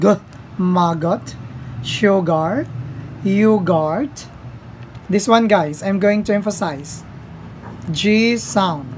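A woman teaching a phonics lesson to children, sounding out words slowly one by one. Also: mid-range voice, darkish tone, slight background noise, poor audio. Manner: slow, deliberate word-by-word drilling.

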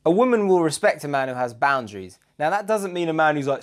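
A man's voice: a little high, lively intonation, quick pace, few pauses. A man, co-hosting a podcast and giving blunt, emphatic relationship advice in casual chat. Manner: chatty, emphatic, British slang.

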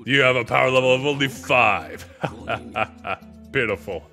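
Man doing a brutish alien warrior, deep, slow, sneering, gravelly. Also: sharp tone, soft background music. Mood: scornful. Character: gruff brutish male alien warrior, scornful.

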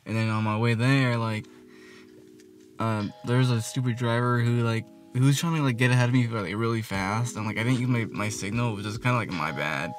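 A man's voice: mid-range voice, fairly quick. A man, telling a rambling, profane storytime vlog full of fillers. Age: 20s. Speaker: vlogger. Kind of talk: casual storytime rant. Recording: music playing behind. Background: music.

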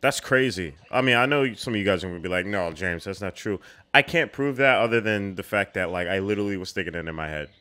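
A young man hosting a casual film reaction, excitable and slangy, calling out at the screen. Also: fairly low pitch, fast talker, hardly any pauses.

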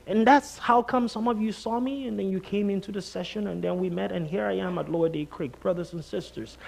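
A man from Nigeria, preaching a sermon in church as a guest preacher, telling stories with animated delivery and acting out the voices of others. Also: sits high, creaky, breathy edge.

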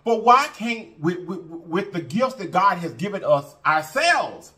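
Full from eating, a bright-voiced, lively man who makes mukbang videos has a casual heart-to-heart with viewers, his voice sitting high. He speaks unhurriedly with hardly any pauses, preachy, emphatic and repetitive, with drawn-out fillers.

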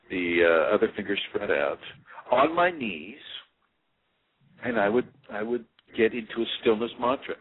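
A man giving a relaxed, rambling talk as a spiritual teacher, with many fillers and restarts. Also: lowish voice, a little hiss or hum. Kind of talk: casual instructional talk. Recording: tinny lo-fi phone-like audio.

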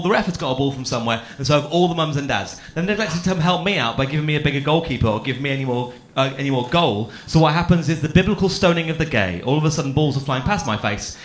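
A man's voice: on the high side, a little hiss or hum. A young man from Birmingham doing a stand-up set on a festival stage, chatty, camp and self-mocking, teasing the audience. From Birmingham, England. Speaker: stand-up comedian. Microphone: handheld stage mic on a cable.

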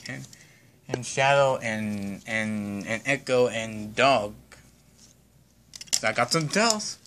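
A man's voice: medium pitch, expressive, noisy background. A man narrating a toy story in stops and starts, telling the other player what to say. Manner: halting, restarts, narrates then voices toys. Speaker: storyteller directing toy play. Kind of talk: playful toy role-play.

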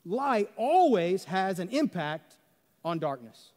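High-voiced preacher in a reverberant hall. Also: male voice, very animated, slow, dark tone. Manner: conversational preaching with rhetorical questions and Southern "y'all". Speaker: pastor. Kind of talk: sermon. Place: church sanctuary under stage lights.

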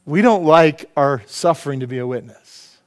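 A man's voice: a little high, animated, normal speed. A middle-aged man preaching a sermon as pastor, impassioned, often asking the congregation questions.

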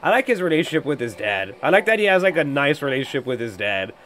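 A man hosting a podcast, reacting casually to a movie trailer. He thinks out loud, gets excitable and swears constantly. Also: mid-range voice, fast, slight background noise. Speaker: podcast host.

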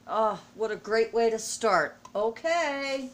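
Slow-talking gushing woman vlogger. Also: mid-range voice. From United States. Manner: gushing, emotional, exclamatory. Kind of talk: casual vlog unboxing. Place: at home indoors.

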